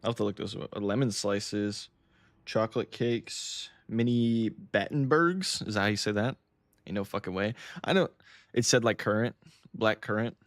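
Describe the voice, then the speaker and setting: A man's voice: lowish voice, normal speed, no echo. An American man chatting casually to his live-stream chat, often laughing, swearing and stumbling over words. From United States.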